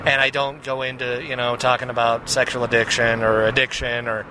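A man's voice: mid-range voice, little pitch movement, fairly quick, noisy background. A man hosting a podcast, talking in a casual confessional monologue, rambling with many restarts and "right?" tags. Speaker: podcast host.

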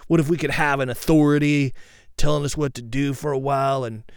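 A man's voice: medium pitch, fairly even intonation, brisk, smooth, no echo, studio quality, close to an everyday voice. A man voicing a peace-loving young male hippie who drawls and tags his lines with "man.". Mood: persuasive. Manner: drawling "man" and "dude" slang.

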